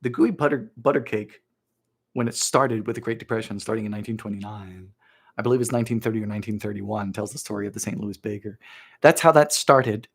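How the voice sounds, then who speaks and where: A man's voice: lowish voice, quick pace. A young man from Bermuda, chatting playfully as he hosts a live baking stream from his kitchen. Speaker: baking show host. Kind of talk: casual live-stream chat while baking. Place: home kitchen.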